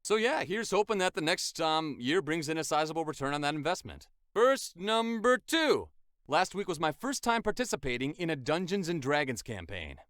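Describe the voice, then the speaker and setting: Young male voice actor, chatty vlog delivery, smooth and lively, close dry mic. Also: on the high side, brisk, few pauses, no room sound. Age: 20s. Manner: enthusiastic, chatty, with casual fillers. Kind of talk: casual vlog.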